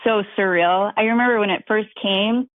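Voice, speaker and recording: A woman's voice: medium pitch, moderate pace, no echo. Chatty woman author, upbeat, phone line sound, lo-fi and thin. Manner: bubbly, chatty, laughs often. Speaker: author guest. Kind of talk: casual interview chat.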